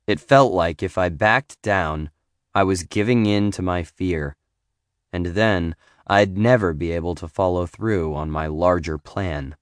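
A man reading a first-person memoir in a measured, reflective and wry way. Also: deep voice, dry recording, studio quality. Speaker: narrator.

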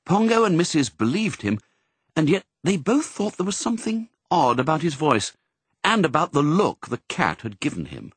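A man narrating a children's novel in an expressive, measured storytelling voice. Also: a little high, husky, dry recording. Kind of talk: audiobook narration.

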